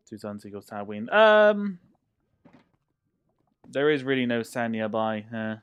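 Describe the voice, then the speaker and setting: A man's voice: medium pitch, very animated, unhurried, long pauses, smooth, dry recording, clean studio sound. A man chatting casually with his viewers while playing a block-building game, joking and laughing often. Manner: playful, chatty, laughs often, talks to chat. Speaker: streamer. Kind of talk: casual livestream chat while gaming. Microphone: desk microphone.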